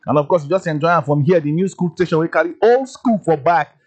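Joking around on his radio show in Pidgin English, a Nigerian-accented man keeps asking listeners "you understand?" He talks quickly in a fairly high voice with a darkish tone.

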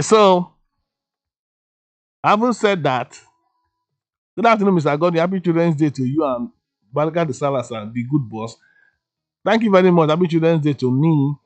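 A man with a Nigerian Pidgin English accent, hosting a radio show in a relaxed, chatty way. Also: a little high. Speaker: radio host. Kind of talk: casual radio chat. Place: radio studio.

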